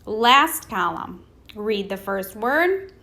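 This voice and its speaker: A woman teaching a recorded phonics lesson to young children, sounding out words slowly and patiently, asking questions and waiting for answers. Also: medium pitch, lively intonation, bright, forceful tone. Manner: slow, sounding out words letter by letter.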